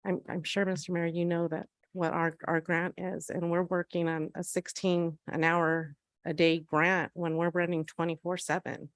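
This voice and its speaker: A woman, a shelter program manager, giving an earnest, emotional public comment at a city council meeting, halting often with fillers. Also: fairly low pitch, little pitch movement, no echo.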